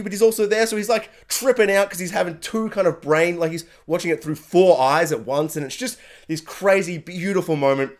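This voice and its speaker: A man giving an animated, excited spoken review, often acting out characters' lines. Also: brisk. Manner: animated, acts out character lines with sudden high yelps. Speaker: anime reviewer.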